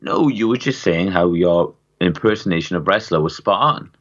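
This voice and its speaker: Very deep-voiced, teasing podcast co-host. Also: male voice, moderate pace, highs cut off. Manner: wry, teasing. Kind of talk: casual chat.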